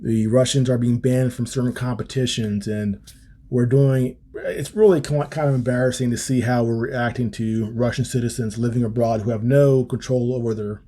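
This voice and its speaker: A man's voice: mid-range voice, steady tone, moderate pace, mellow. A man hosting a political podcast, reading from a policy paper and commenting on it in a casual way, with many ums and restarts. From United States. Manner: casual, frequent ums and restarts, wry asides. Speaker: podcast host.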